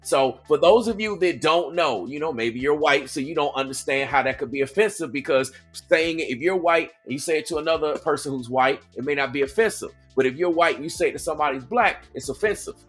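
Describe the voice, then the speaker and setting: A man's voice: a little high, brisk, hardly any pauses, a bit bright, slightly rough, faint music behind. A man from Atlanta with a Southern accent, hosting a reaction video in a chatty, explaining way, often checking in with the audience. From Atlanta, Georgia. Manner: conversational, checks in with "okay?" and "right?". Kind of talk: casual commentary.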